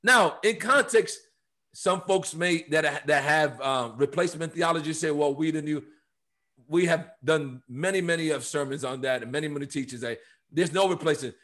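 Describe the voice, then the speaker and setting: A man teaching the Bible on a podcast, emphatic and preachy, reading scripture aloud and sometimes rising to shouts. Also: on the high side, normal speed.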